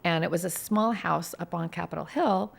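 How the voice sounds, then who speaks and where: A woman lawyer co-hosting a podcast, telling stories in an animated, vivid way. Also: fairly low pitch, normal speed, vocal fry. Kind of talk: casual storytelling chat.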